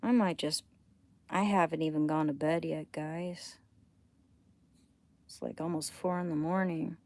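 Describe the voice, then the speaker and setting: Slow, gravelly-voiced woman streaming late at night. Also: low-pitched, fairly even intonation. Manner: rambling, drifting between thoughts while reading chat; often drops to a hushed near-whisper. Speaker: livestreamer. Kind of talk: casual late-night livestream chat.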